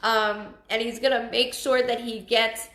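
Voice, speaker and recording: A woman giving a live psychic reading, earnest and emotional, halting and often restarting her sentences. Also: a little high, level tone, a bit bright, roomy sound. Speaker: psychic medium. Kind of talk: live-streamed spirit reading.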